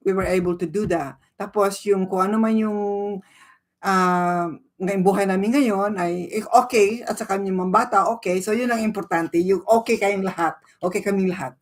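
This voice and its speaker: A woman's voice: medium pitch, steady tone, moderate pace. A woman in her sixties with a Filipino accent, hosting a casual livestream and greeting viewers by name while switching between English and Tagalog. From Philippines. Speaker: livestream host.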